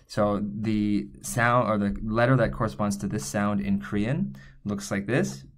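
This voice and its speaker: In this whiteboard writing lesson, a man with a lowish voice teaches Korean letters at an unhurried pace. He writes each one out and patiently explains every step as he goes.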